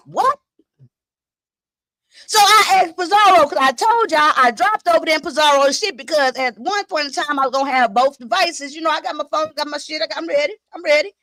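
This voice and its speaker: High-voiced excitable woman streamer. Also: fast talker, hardly any pauses, no echo, studio quality. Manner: profane, excitable, talks straight to viewers. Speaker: live-stream host. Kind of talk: casual live-stream chat.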